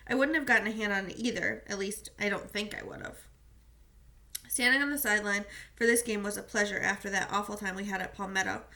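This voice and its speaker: A woman's voice: medium pitch, fairly even intonation, quick pace, vocal fry, bright, forceful tone. A woman reading a novel aloud, telling the story steadily in the first person. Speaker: reader.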